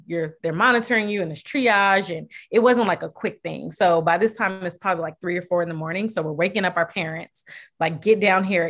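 A woman's voice: lowish voice, a bit bright. A young woman candidly recounting a personal story, using many fillers and acting out what people said. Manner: candid, filler-heavy, acts out quoted voices. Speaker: guest sharing personal story.

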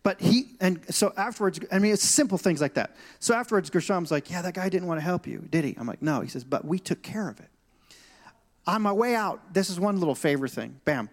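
A man preaches as senior pastor, telling a personal story with animated, acted-out dialogue. His voice sits a little higher than most men's. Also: fairly quick. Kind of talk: storytelling sermon. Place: church stage.

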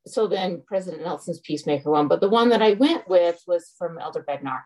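A woman's voice: lowish voice, a little fast, a little mellow, low-quality recording. A middle-aged woman telling a frank, exasperated personal story to a group. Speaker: group member sharing. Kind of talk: casual personal sharing.

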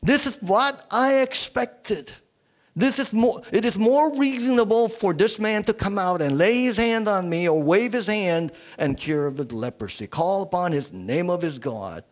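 A man voicing an angry, proud foreign army commander in a sermon retelling, his voice jumping high and loud with indignation. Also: lively intonation, a little slow. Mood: indignant.

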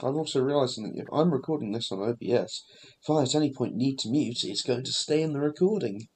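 A man's voice: mid-range voice, quick pace, a little mellow, a little hiss or hum. A young man co-hosting a casual podcast, explaining things matter-of-factly. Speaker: podcast co-host. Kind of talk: casual chat.

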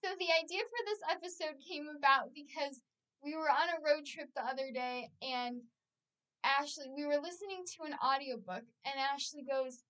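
A woman's voice: high-pitched, normal speed, fairly bright tone, far from the mic. A young woman co-hosting a casual podcast, telling stories in an upbeat way with frequent laughs. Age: young adult. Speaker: podcast co-host. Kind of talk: casual chat.

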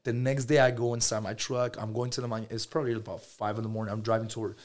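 A man's voice: on the low side, fast talker. A man guest on a podcast telling a personal story in a casual, slangy way. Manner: animated and slangy, calls listeners bro.

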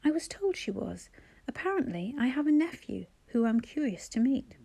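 An easygoing grown son, earnest and a little bewildered, in a novel read aloud, as a woman narrator voices him. Mellow, warm tone captured close with no room sound. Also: high-pitched, sing-song, moderate pace, creaky, slightly rough, no room sound, voice pushed up, full character voice. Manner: earnest, mildly confused. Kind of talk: audiobook character voice.

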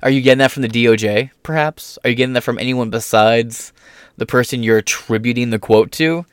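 A man with a mid-pitched voice reads news articles aloud, then breaks off into crude, mocking asides and chuckles at his own jokes. The sound is dry and close, with no room echo. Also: clear, resonant tone. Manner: shifts between slow reading and fast asides. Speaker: political commentary host. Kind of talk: reading news articles aloud with running commentary.

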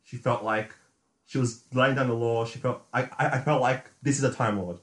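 A man's voice: medium pitch, fairly even intonation, normal speed. An eager man co-hosting a casual chat, circling back and repeating himself as he builds his point. His voice carries a noticeable room echo. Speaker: podcast co-host. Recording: roomy, echoey sound.

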